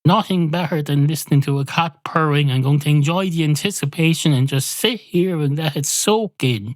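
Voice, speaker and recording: A man hosting a podcast alone from a spare room at home, rambling through a deadpan, improvised comic monologue. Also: fairly high pitch, moderate pace, no room sound. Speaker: podcast host. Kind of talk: rambling solo comedy monologue.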